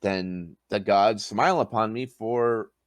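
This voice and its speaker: A man voicing a confused young human noble training as a paladin, speaking in a halting, formal, courteous way. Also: fairly low pitch, dry recording, clean studio sound. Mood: formal, dazed.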